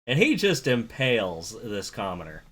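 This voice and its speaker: A man's voice: fairly low pitch, huge pitch swings, moderate pace, fairly bright tone, slightly rough. A man running a tabletop game as game master, casually narrating combat and counting out moves.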